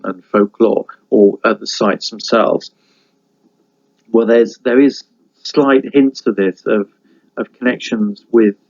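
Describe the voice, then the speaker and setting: A man giving a university lecture, halting with many fillers and restarts, stopping now and then to read a folk tale aloud. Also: fairly low pitch, darkish tone, dull audio. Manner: reads folk tale aloud between comments.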